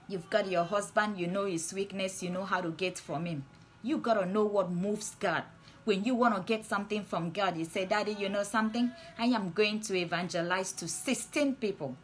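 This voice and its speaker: A woman's voice: medium pitch, a little hiss or hum. A woman preaching and praying on a livestream, with fervent, repetitive declarations. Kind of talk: livestream sermon and prayer. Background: soft music.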